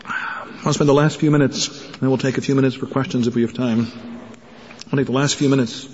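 A man's voice: medium pitch, steady tone, fast, a little mellow, big-room sound, highs cut off, slight background noise. A man giving an earnest talk to pastors, telling stories and acting out the voices of the people in them. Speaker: speaker addressing pastors. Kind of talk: conference talk with storytelling.

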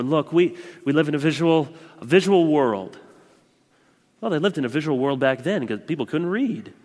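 Male pastor, 30s, lively sermon delivery, fairly high voice, long hall reverb. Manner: animated, swings from loud proclaiming to quiet confiding.

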